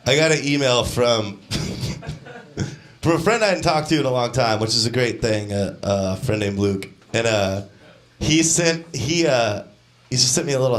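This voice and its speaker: A young man doing a stand-up comedy set on a club stage, deadpan, now and then shouting out the lines of the people in his stories. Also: mid-range voice, normal speed. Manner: deadpan, acts out quoted characters with shouted voices. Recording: live club set with crowd laughter. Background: audience laughter.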